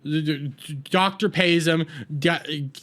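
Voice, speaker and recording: A man's voice: fairly high pitch, steady tone, takes it slowly, fairly bright tone. A man rambling through a casual episode recap with a sarcastic edge. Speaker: TV episode reviewer.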